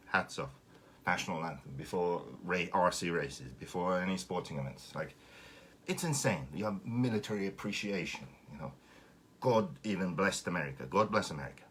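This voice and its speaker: A man's voice: fairly low pitch, a little hiss or hum. A man from Finland with a Finnish accent, hosting a casual live stream and ranting sarcastically with plenty of swearing. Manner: sarcastic, swearing, animated rant.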